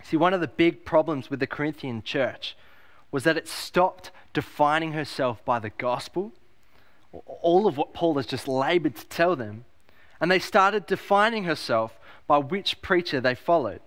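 A man's voice: on the high side, animated, a little slow, fairly bright tone. Emphatic man preaching a sermon. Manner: emphatic, repeats key phrases, rhetorical questions. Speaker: pastor.

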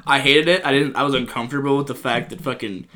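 A young man hosting a casual chat, profane and excitable, who tells stories in an animated way. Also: mid-range voice, fast talker.

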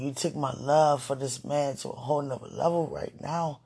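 A man recording an emotional late-night vlog, overwhelmed and near tears, pleading and sighing in breathy whispers. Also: a little high, steady tone, normal speed, few pauses, darkish tone. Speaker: vlogger.

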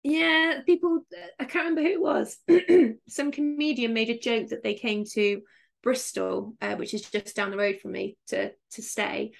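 Friendly Somerset woman with a gravelly edge. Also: fairly high pitch, moderate pace. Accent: Somerset English. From Somerset, England. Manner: friendly, laughing, self-deprecating humor. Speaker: guest, writer. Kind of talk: casual interview chat.

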